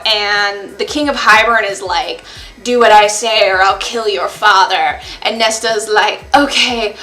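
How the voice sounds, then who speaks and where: A woman giving a casual book review, chatty and sarcastic, retelling a plot with quick asides and mock-dramatic quotes. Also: a little high, bright, forceful tone, reverberant.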